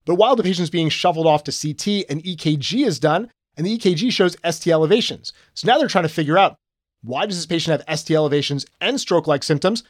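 A man's voice: fairly high pitch, quick pace, no room sound, clean studio sound. A man co-hosting a medical podcast, explaining clinical cases in a conversational teaching tone. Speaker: podcast co-host.

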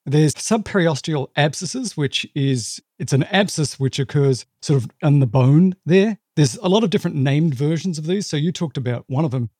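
A man's voice: a little high, animated, moderate pace, hardly any pauses, darkish tone, slightly rough, no room sound, studio quality. A male physician co-hosting a medical education podcast, explaining clinical complications in a plain-spoken way with vivid asides.

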